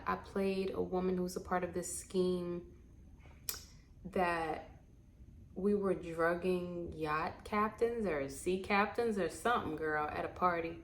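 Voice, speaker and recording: A young adult woman casually telling stories to camera. She is animated, laughs, and acts out what people said. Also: lowish voice, reverberant, a little hiss or hum. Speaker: vlogger and actor.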